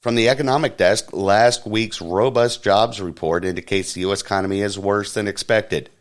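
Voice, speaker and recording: A man hosting a podcast, reading a satirical news roundup in a deadpan newsreader manner. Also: lowish voice, normal speed. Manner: deadpan mock newsreader, puts on silly voices for quotes. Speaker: podcast host.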